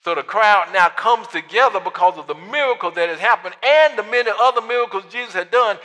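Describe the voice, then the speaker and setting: A male pastor preaching with a high, bright, ringing voice. He tells the story in a lively way, drops to soft asides for the dialogue and climbs to fervent shouts. The sound carries a long reverb, as in a big church hall. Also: fairly quick, hardly any pauses. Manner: storytelling preacher, acts out the Bible dialogue in quiet asides, then builds to shouts. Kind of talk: sermon.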